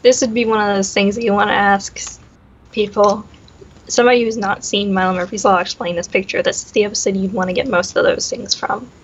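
Young female podcast co-host, even-paced and thoughtful, slightly muffled sound. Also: mid-range voice, a little fast, husky. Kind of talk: casual chat.

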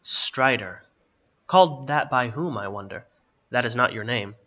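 A man doing a raspy blind old hermit. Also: mid-range voice, animated, measured pace, bright, forceful tone, highs cut off. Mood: muttering. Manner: muttering, wheezy.

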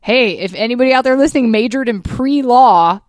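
A woman co-hosting a podcast in casual, chatty talk, swearing freely and breaking into quick asides. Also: fairly high pitch, dry recording, clean studio sound. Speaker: podcast co-host. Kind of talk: casual chat.

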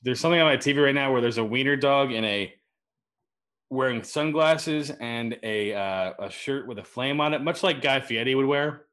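A man's voice: medium pitch, normal speed, fairly bright tone. A man co-hosting a casual podcast chat, laid-back with dry wisecracks and casual swearing. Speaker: podcast co-host.

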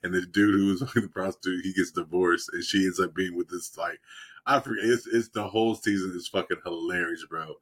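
A husky, lower-voiced man tells a show's plot in loose, rambling bursts. He swears freely and keeps breaking into laughter as he goes. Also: fairly even intonation, fairly quick, fairly bright tone. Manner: rambling, profane, laughing retelling. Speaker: podcast co-host. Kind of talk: casual chat, retelling a TV show.

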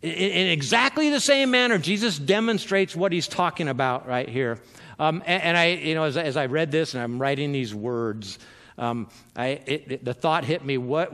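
A male pastor preaching in an easy, chatty way. His voice sits a little high, and it trails off into a long hall echo. He keeps stumbling over repeated words and fills the gaps with ums. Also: fairly bright tone. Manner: conversational, filler-heavy, self-interrupting with repeated words. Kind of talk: sermon.

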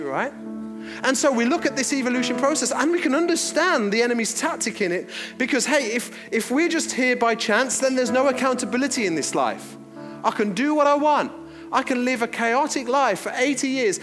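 A man preaches in a loose, chatty style, spinning jokey anecdotes as he goes. His voice sits high for a man. It rings out with a long reverb in a large hall, and soft music plays underneath. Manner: chatty, joking, animated storyteller. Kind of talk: casual storytelling sermon.

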